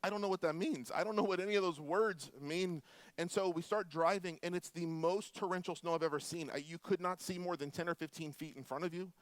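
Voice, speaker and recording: A man in his forties from Florida, preaching a sermon with animated, humorous storytelling. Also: high voice, fairly quick, dry recording. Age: 40s. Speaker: pastor.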